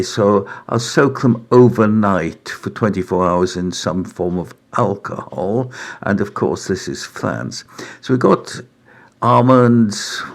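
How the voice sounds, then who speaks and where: Middle-aged male home cook, deep gravelly voice, relaxed unhurried demo delivery. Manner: unhurried, chatty, with frequent uh and right. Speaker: home cook presenting a recipe. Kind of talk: relaxed cooking demonstration. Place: home kitchen in France.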